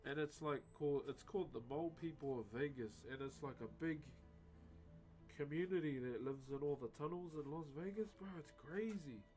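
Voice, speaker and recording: A man's voice: fairly high pitch, normal speed, a little mellow. Laid-back New man chatting, bro. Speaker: livestreamer. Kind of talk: casual live-stream chat with viewers. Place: home streaming setup while wood carving. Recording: music bed under voice. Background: music playing.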